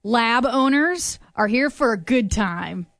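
Steady woman radio host. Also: fairly high pitch, slow, no room sound, studio quality. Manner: steady, reads out items conversationally. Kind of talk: casual radio chat.

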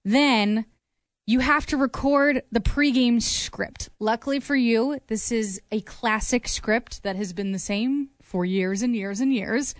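A woman's voice: fairly high pitch, a little slow, dry recording, clean studio sound. A woman hosting a radio show, teasing her co-host in casual banter. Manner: teasing, playful.

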